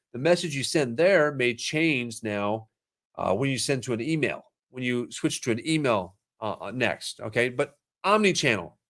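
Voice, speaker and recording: A man hosting a casual live stream about marketing, energetic and salesy, with quick asides to viewers. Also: mid-range voice. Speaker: marketing show host.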